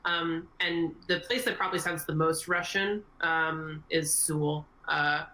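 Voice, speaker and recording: A woman's voice: low-pitched, fairly even intonation, a little slow, pushed and bright, poor audio. A woman game master on a podcast Q&A, explaining at length in a casual, meandering way. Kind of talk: podcast Q&A chat.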